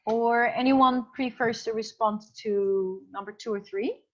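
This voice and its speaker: A woman's voice: fairly high pitch, steady tone, unhurried, dull audio. A woman teacher giving an online class. She explains through many examples and thinks aloud with fillers. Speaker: English teacher.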